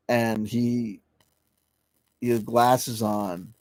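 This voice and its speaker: A man's voice: medium pitch, normal speed, a little mellow, faint music behind. A man casually telling a rambling, profane story on a livestream, full of restarts and fillers and laughing as he goes. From New Jersey. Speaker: livestream host.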